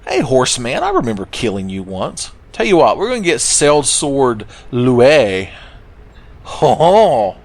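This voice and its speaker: A man's voice: medium pitch, huge pitch swings, moderate pace, few pauses. A man giving casual, joking let's play commentary with lots of swearing and rambling asides. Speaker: gaming channel host.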